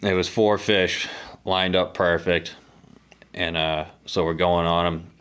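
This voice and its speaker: A man from the northeastern United States telling a harpooning story as a podcast guest, swearing freely and animated in the retelling. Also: low voice, slow pace, smooth. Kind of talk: casual storytelling over beers.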